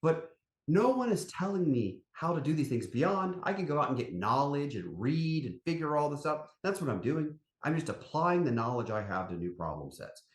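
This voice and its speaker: A company CEO appears as a guest on a podcast, speaking at a normal speed in a voice on the high side. He's an animated storyteller, folksy and emphatic, in a casual interview with a roomy echo.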